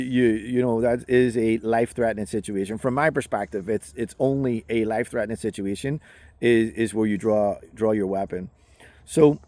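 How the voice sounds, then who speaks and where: A self-defense instructor from Northern Ireland, speaking with that accent, relaxes into a personal story full of fillers. His medium-pitched voice is a little mellow, and the recording has no room sound.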